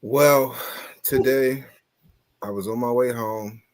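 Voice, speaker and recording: A man on a casual talk show, telling a story in an animated, exasperated way and swearing often. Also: medium pitch, takes it slowly. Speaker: podcast co-host.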